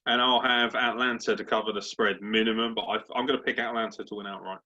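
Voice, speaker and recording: A man co-hosting a casual sports podcast, swearing freely and bantering in an animated, crude way. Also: fairly low pitch, fast. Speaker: podcast co-host. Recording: dull lo-fi podcast audio.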